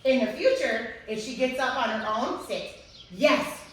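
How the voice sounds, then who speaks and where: A woman dog trainer who explains calmly and switches to high, excited praise for the dog. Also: unhurried. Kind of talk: instructional video with live dog training. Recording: echoey room, distant mic, faint noise.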